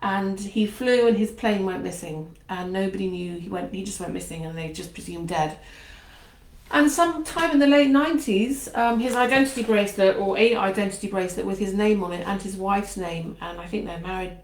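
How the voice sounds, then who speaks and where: A woman's voice: medium pitch, a little fast. Chatty woman in an echoey conservatory. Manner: chatty and meandering, with frequent asides. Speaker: channel host. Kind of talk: casual talk before a book reading. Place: home conservatory.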